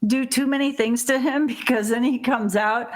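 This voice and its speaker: A middle-aged woman from Illinois, talking on a podcast. Her voice sits a little high, and she rambles, circling back to complaints with blunt swearing and easy laughter. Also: steady tone, normal speed. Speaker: podcast co-host. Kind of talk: casual chat.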